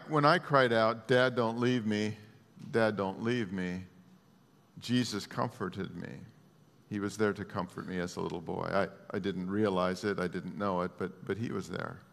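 A man preaching a sermon as a pastor, earnest and emotional, moving between hushed and raised speech. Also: lowish voice, fairly even intonation, normal speed, creaky, in a large hall.

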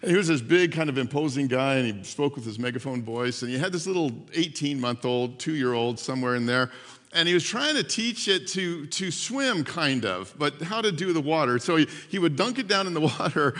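A man preaching a sermon as pastor, telling a story in an animated way and acting out the voices in it. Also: a little high, brisk, big-room sound.

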